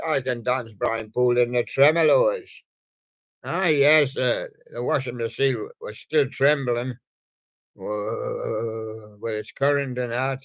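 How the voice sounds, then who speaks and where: A man's voice: mid-range voice, slow. A man hosting a live radio show in a meandering, mumbling way, chatting to toy guests on a dull, lo-fi recording. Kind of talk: rambling live radio chat.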